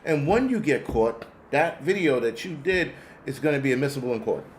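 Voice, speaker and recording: A man's voice: mid-range voice, big pitch swings, brisk, slight background noise. A man hosting a show, ranting bluntly and sarcastically with plenty of profanity while answering viewer comments. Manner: sarcastic, exasperated. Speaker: host. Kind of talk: ranting commentary reading chat.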